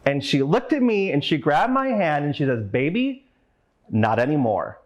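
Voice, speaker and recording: A man's voice: a little high, big pitch swings, moderate pace. A man giving a motivational talk as a conference speaker, telling a personal story earnestly and with open emotion, and acting out the voices of the people in it. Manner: earnest, openly emotional, acts out the voices in his stories.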